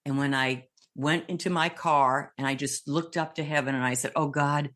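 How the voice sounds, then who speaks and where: An older woman with a low voice tells her stories with lively energy, easily slipping into bits of other voices as she goes. She talks casually, as a guest being interviewed. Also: normal speed. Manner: lively, animated storyteller who slips into voices. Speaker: guest, comedian and impressionist.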